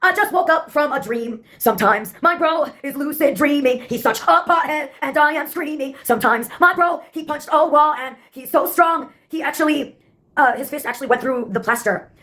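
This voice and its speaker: A woman's voice: sits high, moderate pace, fairly bright tone. A woman delivering a profane, rambling spoken-word piece in a sardonic, clipped way.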